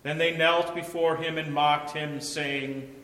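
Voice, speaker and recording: A man narrating a scripture passage in a measured, solemn liturgical reading. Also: on the high side, flat delivery, pushed and bright. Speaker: scripture reader. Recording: reverberant church.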